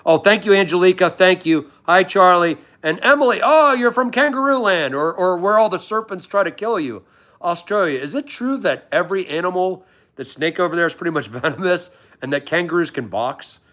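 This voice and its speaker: A man's voice: high-pitched, animated, fairly quick, fairly bright tone. A man from Washington, D.C., hosting a casual livestream, chatting in a friendly, rambling way and greeting viewers by name. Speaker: livestream host. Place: at home in pajamas.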